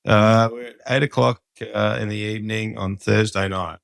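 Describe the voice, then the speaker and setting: An Australian farmer being interviewed, easygoing and plain-spoken. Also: male voice, fairly low pitch, steady tone, moderate pace, gravelly, fairly bright tone, no room sound. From Western Australia. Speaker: farmer and guest. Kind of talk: casual interview over a call.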